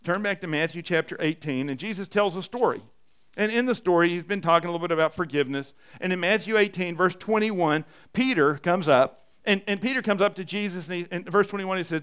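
Brief: middle-aged male pastor, animated sermon delivery, pitch a touch high. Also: fairly quick, smooth. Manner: emphatic, animated storytelling with repetition.

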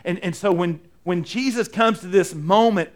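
Slightly high-voiced male preacher. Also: moderate pace. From United States. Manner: conversational preaching, acts out quotes, repeats phrases. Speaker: pastor. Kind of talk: sermon.

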